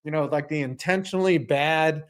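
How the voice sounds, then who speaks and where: Man, stream host, slightly high voice, rambling, self-deprecating, casual play-by-play. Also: moderate pace, smooth. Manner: rambling, joking banter mixed with play-by-play; self-deprecating, reads chat aloud. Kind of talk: live sports reaction stream.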